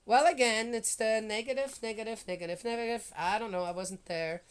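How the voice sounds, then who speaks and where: A woman who chats in a rambling way, often checking in with her listeners, then reads scripture slowly and steadily. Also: fairly high pitch, fairly even intonation, clear, resonant tone. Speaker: Bible reading vlogger. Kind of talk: casual chat and Bible reading.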